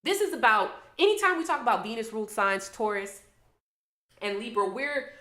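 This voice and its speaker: A woman's voice: a little high, animated, moderate pace, sharp tone, echoey room. A woman astrology reader, delivering an impassioned, preachy livestream monologue full of rhetorical questions. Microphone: camera mic on a livestream.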